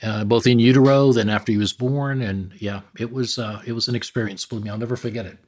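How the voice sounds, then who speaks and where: A man who is a physician, a guest on a podcast interview, telling stories with relaxed, wry self-deprecating humor. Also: mid-range voice, fast.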